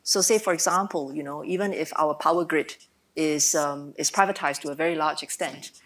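A woman government minister answering on a panel in a measured way, with frequent "um" and "you know". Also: sits low, fairly bright tone.

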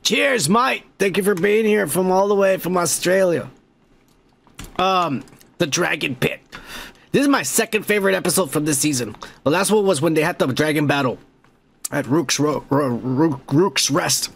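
A young man hosting a podcast, rambling and swearing excitedly as he reviews a show episode. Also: fairly high pitch, moderate pace, gravelly. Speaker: podcast host. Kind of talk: casual profane show review.

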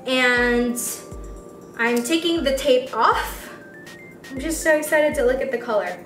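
A young woman with a high, squeaky voice gushes over each product in a chatty, excitable beauty vlog. Her voice rings in a roomy space and sounds a little distant from the mic. Faint music plays underneath. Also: measured pace. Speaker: beauty vlogger. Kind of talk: casual unboxing vlog.

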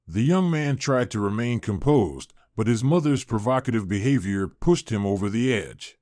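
A man narrating a scripted story in an expressive storytelling manner. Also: fairly low pitch, normal speed, hardly any pauses, dry recording, clean studio sound.

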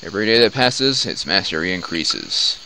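A man's voice: low-pitched, gravelly, full character voice, rough recording. A man reading as a bitter exile. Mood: earnest. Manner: reads the game's dialogue aloud, halting. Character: weary exiled man, bitter but earnest. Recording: steady background noise.

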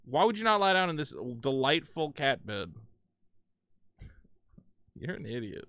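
A man's voice: on the high side, very animated, unhurried, long pauses, sharp tone, no echo. A man streaming a video game, chatting casually, rambling and swearing, and scolding his cat. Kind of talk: casual live gaming stream chat.

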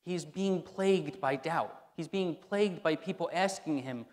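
A male pastor delivers a sermon in a relaxed, conversational way, circling back to repeat his key phrases. His voice sits a bit higher than most men's. The sound carries a long reverb from the church around him. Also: a little slow, hardly any pauses. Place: church sanctuary.

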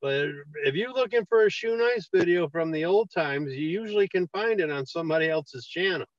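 Guy telling wild stories on a podcast, swears a lot, kinda high voice, dull lo-fi sound. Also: brisk, dry recording. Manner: loose storytelling, profane, lively put-on voices. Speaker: guest. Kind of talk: casual podcast interview.

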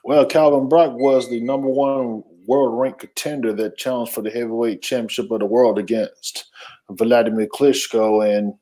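A man's voice: medium pitch, dark tone, rough recording. A man from North Carolina, a retired boxer, answering interview questions in a plain, matter-of-fact way.

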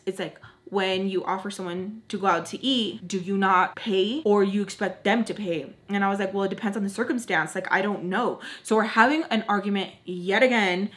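Exasperated young woman telling a story. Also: mid-range voice. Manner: animated, exasperated retelling with voiced quotes. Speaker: vlogger. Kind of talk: casual storytime while doing makeup.

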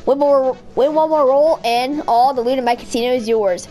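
A young gamer voicing a sly, booming male devil who owns a casino, read with gloating boasts. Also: a little slow, soft background music.

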